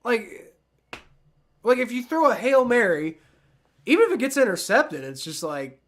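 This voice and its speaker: A man hosting a live football reaction stream, rambling excitedly and talking straight to his chat. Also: very high voice, measured pace. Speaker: livestream sports reaction host. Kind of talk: live game reaction commentary.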